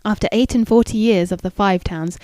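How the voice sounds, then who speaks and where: Measured woman reading a novel, mellow tone. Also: mid-range voice, no room sound. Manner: measured, even, formal reading. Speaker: audiobook narrator. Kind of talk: scripted narration of a classic novel.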